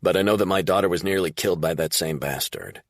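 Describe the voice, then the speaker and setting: A man's voice: deep voice, fast talker, dry recording, studio quality. A man playing a blunt, profane middle-aged former federal agent in an audiobook.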